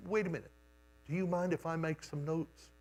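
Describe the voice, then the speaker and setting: An older preacher voicing his father as a calm, patient man who soothes an angry worker. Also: a little high, fairly quick. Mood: soothing. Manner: gentle, soothing, soft-spoken.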